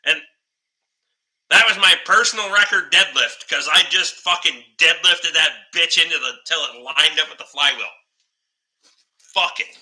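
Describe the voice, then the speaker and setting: A man spins rambling workshop stories in loose podcast chat, cursing at every turn and chuckling along. His voice sits a little high and rings very bright and forceful. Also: moderate pace, rough recording. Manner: profane, rambling, swears constantly; laughs through his stories. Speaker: podcast host. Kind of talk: casual storytelling chat.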